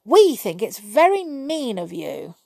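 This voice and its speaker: A woman's voice: sits high, big pitch swings, slow pace, vocal fry, mellow, no room sound, voice pushed up, full character voice. Splash About, an impatient little water sprite, as a woman reads it.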